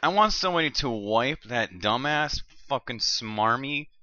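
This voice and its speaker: A man's voice: medium pitch, measured pace, no echo, dull audio. A man chatting casually with friends, swearing often and laughing a lot. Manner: profane, laughing, animated. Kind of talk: casual podcast chat with friends.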